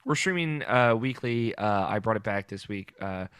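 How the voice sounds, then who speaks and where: A man with a fairly low voice hosts a podcast, upbeat and full of "uh"s and "um"s as he plugs the show. He is recorded close and dry, with no room sound. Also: animated, normal speed, fairly bright tone, clean tone, no echo. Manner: upbeat, filler-heavy plugging. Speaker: podcast host. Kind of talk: casual chat and show plugs.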